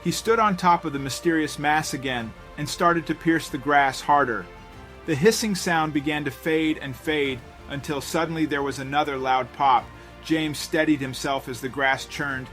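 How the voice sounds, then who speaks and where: A man's voice: fairly high pitch, moderate pace, fairly bright tone, faint music behind. A man reading a scripted mystery story as narrator, with a dramatic storytelling delivery.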